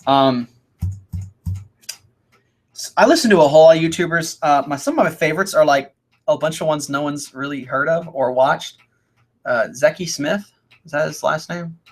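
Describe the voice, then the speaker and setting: A man's voice: fairly high pitch, moderate pace, long pauses. A young man hosting a casual live Q&A, chatting upbeat as he reads out viewer questions. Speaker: host.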